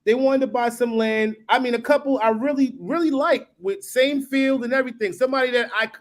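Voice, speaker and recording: A guest building in the Caribbean talks on a live stream in a very high-pitched, brisk voice. He rambles casually, often asking "you know what I mean?"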